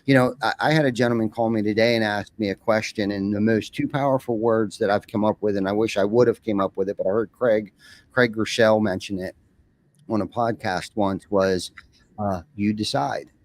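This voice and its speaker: A man's voice: lowish voice, steady tone, a little fast. A man talking as a podcast guest, rambling and often repeating words as he starts a sentence. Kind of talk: casual conversation.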